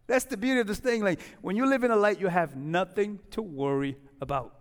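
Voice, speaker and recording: A man's voice: high voice, brisk. A middle-aged man, a pastor, giving a conversational sermon in a church and leading a fervent closing prayer. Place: church hall. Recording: long hall reverb.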